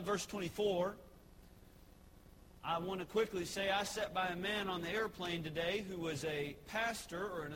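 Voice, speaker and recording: A man with a Texan accent, a pastor giving an evening sermon in a church, telling a story conversationally with many fillers. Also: on the high side. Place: church sanctuary. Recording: clear background noise.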